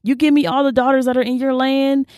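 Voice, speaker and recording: A woman's voice: high-pitched, little pitch movement, fast talker, a little mellow, no room sound, clean studio sound, voice pushed up, close to an everyday voice. Woman doing a slick, salesy male ruler. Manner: slangy, salesy, persuasive.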